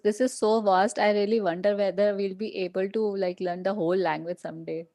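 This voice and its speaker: A woman's voice: mid-range voice, fairly even intonation, fairly quick, warm tone, no echo. A woman student asking questions in an online class, hesitant and polite with many fillers.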